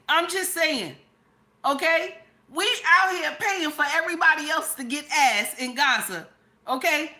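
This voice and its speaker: A high-voiced woman hosts a livestream. She has a cold and coughs between sassy, repetitive, profane remarks. Her voice is bright and sharp. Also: expressive, slow pace. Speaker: commentary host. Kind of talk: livestream commentary.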